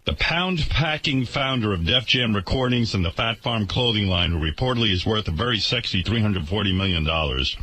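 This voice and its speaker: A man's voice: lowish voice, lively intonation, fairly quick, hardly any pauses, pushed and bright, a little hiss or hum. A man hosting a radio talk show, delivering an indignant, sarcastic rant to his listeners.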